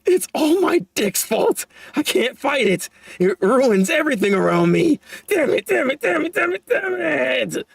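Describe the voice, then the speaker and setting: A man's voice: extremely high pitch, sing-song, unhurried, gravelly, hardly any pauses, no room sound, clean studio sound, voice pushed up, full character voice. A man reading out the lines of a frustrated, girl-crazy teenage boy from a manga, in a whining, self-pitying voice. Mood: whiny lament. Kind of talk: manga panels read aloud.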